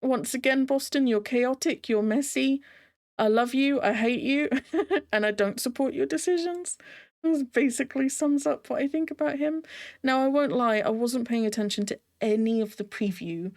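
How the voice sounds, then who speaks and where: A woman's voice: high voice, normal speed, darkish tone. A woman hosting a casual reaction video, chatty and emotionally invested, often laughing and tossing rhetorical questions to the viewer. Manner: talks straight to the viewer with rhetorical tag questions.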